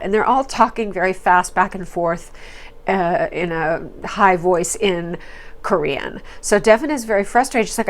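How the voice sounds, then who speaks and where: A woman's voice: fairly low pitch, unhurried. A woman hosting a reality TV recap, talking in a chatty, opinionated way with fillers and quoted asides. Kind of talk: casual commentary.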